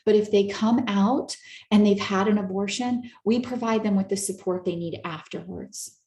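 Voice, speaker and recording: A woman therapist giving an earnest, coaching talk to a live audience, slowing down to stress her points. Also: mid-range voice, fairly even intonation, mellow, reverberant. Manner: earnest, coaching, slows down for emphasis. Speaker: therapist and speaker.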